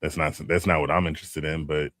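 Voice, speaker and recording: A man's voice: extremely low pitch, level tone, fast talker, a bit bright, dry recording, clean studio sound. A young man as podcast co-host, chatting casually and thinking aloud in a laid-back way. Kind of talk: casual chat.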